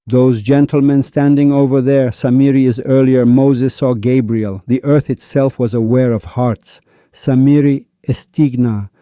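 A man's voice: medium pitch, steady tone, a little slow, mellow, no echo. A man giving a Sufi spiritual teaching talk, full of rhetorical questions and repeated refrains, on a dull lo-fi recording.

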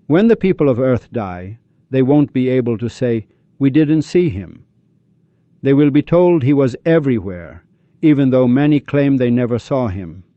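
A man with a deep, very dark and mellow voice delivers an animated spiritual lecture. He keeps firing rhetorical questions and acts out the people he quotes. The recording is dry and dull, with a lo-fi sound. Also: no echo. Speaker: Sufi speaker.

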